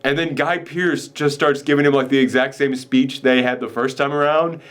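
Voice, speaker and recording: A man's voice: mid-range voice, steady tone, moderate pace. A man hosting a casual film reaction chat, ranting and rambling with lots of fillers, acting out quoted lines in mock voices. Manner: rambling with many fillers and restarts. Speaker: podcast host reviewing a film.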